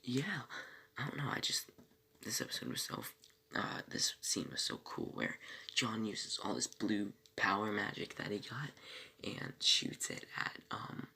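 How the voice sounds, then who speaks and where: Gravelly, lively-voiced man rambling through a recap. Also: fairly low pitch, a little slow. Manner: rambling, many fillers and self-corrections; breaks off for small asides. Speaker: TV episode reviewer. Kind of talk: casual episode recap.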